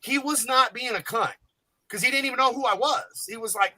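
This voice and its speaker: A man's voice: very high voice, fairly quick, sharp tone, no room sound, poor audio. A man telling jokey, rambling, profane stories as a guest on a podcast panel. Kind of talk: casual storytelling chat.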